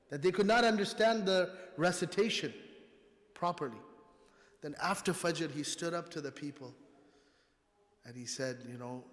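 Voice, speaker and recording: Urdu-speaking guy preaching, kinda high voice, big echoey mosque hall. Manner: storytelling, conversational preaching. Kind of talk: sermon. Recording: long reverb of a mosque hall.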